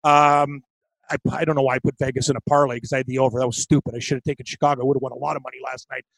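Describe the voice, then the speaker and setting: A man's voice: medium pitch, flat delivery, racing, creaky, a bit bright, no echo. A man with a Canadian accent co-hosting a sports betting podcast, giving emphatic, confident picks. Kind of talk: casual sports betting chat.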